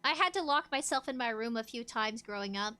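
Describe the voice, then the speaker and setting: High, bright-voiced woman streamer. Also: animated, fairly quick. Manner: laughs often, acts out loud dialogue. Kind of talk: casual chat.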